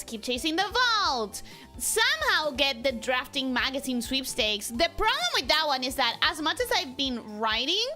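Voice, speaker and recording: Bubbly high-voiced woman streamer. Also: bright, forceful tone. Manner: bubbly, greets viewers in a repeated welcome routine; rambling, self-deprecating, quick to laugh. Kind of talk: casual livestream chat.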